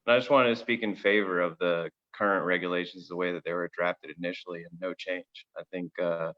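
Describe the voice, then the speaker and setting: A man's voice: deep voice, steady tone, fairly quick, lo-fi sound. A man giving a casual, joking public comment over a video call. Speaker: business operator.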